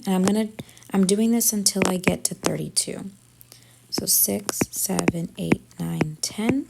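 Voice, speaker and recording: Gravelly woman teacher talking through math. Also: mid-range voice, very noisy. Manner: thinks aloud step by step, often softly under her breath. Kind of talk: math lesson walkthrough.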